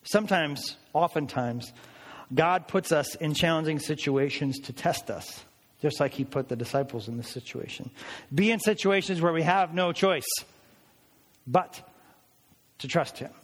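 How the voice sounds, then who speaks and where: A man preaches in a lively, conversational way, slipping into different characters' voices as he retells the story. His voice sits a little on the high side. It carries a long, ringing reverb, as if recorded in a large church hall. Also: measured pace. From United States. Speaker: pastor. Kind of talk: sermon.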